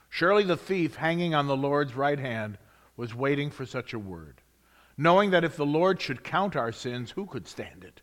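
A man preaching a sermon, swinging between loud emphasis and hushed whispers, reading scripture with rising excitement. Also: fairly high pitch, measured pace.

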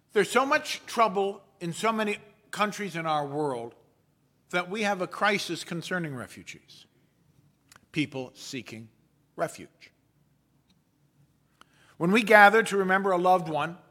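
Male pastor, sermon delivery, bright tense voice, unhurried and wry. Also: high-pitched. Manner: measured, storytelling delivery with playful asides.

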